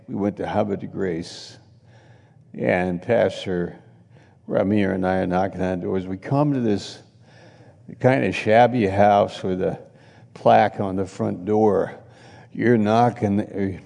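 A man's voice: lowish voice, measured pace, gravelly, a little mellow, big-room sound. A man preaching a sermon, telling chatty stories with laughs and acted-out quotes. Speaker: pastor. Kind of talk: sermon storytelling.

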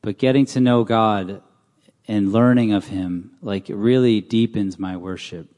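A man's voice: lowish voice, a little slow, a little mellow. Man preaching in a reverberant hall. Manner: casual, asks the crowd questions. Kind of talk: conversational sermon. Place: church hall.

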